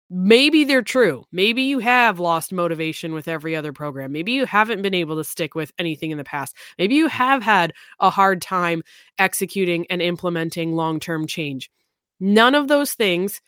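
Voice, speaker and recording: A woman's voice: mid-range voice, a bit bright, dry recording. A woman health coach delivers an emphatic, profanity-laced motivational monologue. Her voice sits in a middle range and is recorded dry and close.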